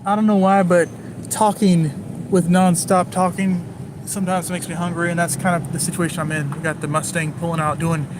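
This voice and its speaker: In a car moving through the city, a man with a high, level voice chats at a moderate pace, with background noise present. He jokes and rambles endlessly to the viewers of his live stream.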